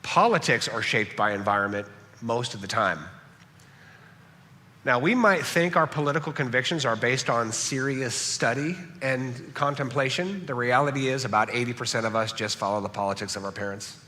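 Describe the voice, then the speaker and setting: A man from Southern California preaching a sermon as pastor, animated and joking, often checking in with "right?". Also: mid-range voice, normal speed. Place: large church hall. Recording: echoey church hall.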